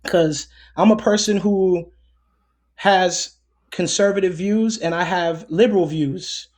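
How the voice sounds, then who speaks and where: High-voiced man rambling with fillers. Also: takes it slowly, a little mellow. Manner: rambling, heavy on fillers and restarts. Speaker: guest. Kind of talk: casual conversation.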